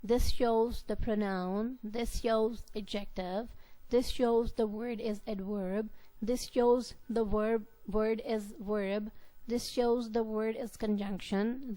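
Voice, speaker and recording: A woman teaching a lesson at a slow, careful pace. Her voice sits a little high and she repeats key words for emphasis. The sound is close and dry, with no room echo. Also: mellow. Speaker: lecturer. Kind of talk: classroom lecture.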